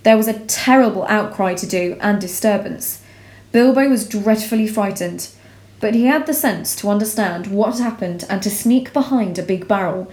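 Female narrator for a children's fantasy read-aloud; steady, expressive, mid-range voice in a roomy space. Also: medium pitch. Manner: measured, expressive reading aloud. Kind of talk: storybook reading. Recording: roomy echo.

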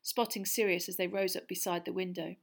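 A woman narrating a storybook in a steady, measured reading voice. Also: fairly low pitch, vocal fry. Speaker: audiobook narrator.

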